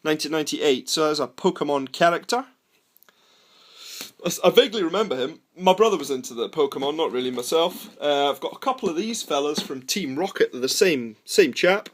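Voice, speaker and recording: Chatty man, fairly high voice. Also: animated, fairly quick. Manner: chatty, self-deprecating, rambling. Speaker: toy collector vlogger. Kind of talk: casual unboxing chat.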